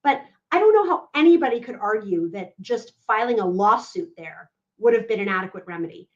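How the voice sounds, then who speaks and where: A woman's voice: medium pitch, lively intonation, a little fast. Emphatic woman legal analyst, lo-fi sound. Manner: emphatic, keeps checking in with "right?". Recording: dull lo-fi audio.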